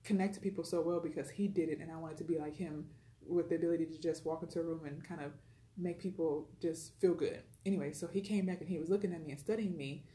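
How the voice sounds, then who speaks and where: A woman tells a personal story at a fast clip. She sounds chatty, retells conversations and fills her speech with "like" and "you know." Her voice is mellow and sits a little low, and it echoes in the room. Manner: chatty, retells dialogue, frequent fillers.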